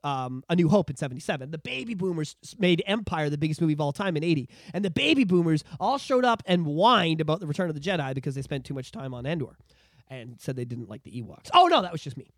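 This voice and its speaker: A man in his thirties co-hosting a casual podcast, ranting with animated, profane energy. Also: fairly high pitch, fast talker, no room sound, clean studio sound. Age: 30s. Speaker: podcast co-host.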